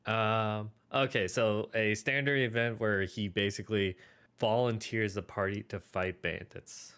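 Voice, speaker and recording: Low-voiced male co-host, casual and rambling. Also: fairly even intonation, a little slow, a bit bright, clean tone. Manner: rambling, filler-heavy, trailing off. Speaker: podcast co-host. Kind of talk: casual brainstorming chat.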